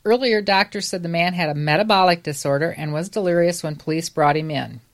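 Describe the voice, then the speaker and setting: Woman reading news, low-pitched. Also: fairly quick. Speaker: podcast co-host reading news. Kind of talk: reading a news story aloud.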